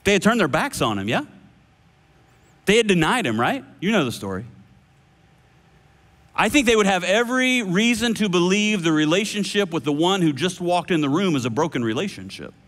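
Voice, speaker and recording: High-voiced pastor preaching in a reverberant hall. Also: male voice, sing-song. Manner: earnest preaching with dramatic pauses, dropping soft for quoted words. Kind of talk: sermon. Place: church auditorium.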